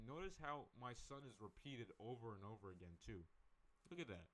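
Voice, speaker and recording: A man's voice: medium pitch, big pitch swings, a little fast, fairly bright tone, low-quality recording. A man reading a Bible book aloud and stopping to comment in a rambling, self-correcting way. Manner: rambling, self-correcting, chuckles between thoughts. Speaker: Bible reader.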